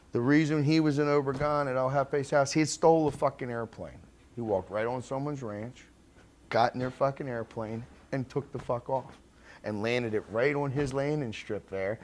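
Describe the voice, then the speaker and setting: A man's voice: mid-range voice, lively intonation, normal speed, darkish tone, slight background noise. A man being interviewed, telling a story about his past bluntly, swearing constantly, and acting out the lines of the people in it. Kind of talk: profane storytelling anecdote.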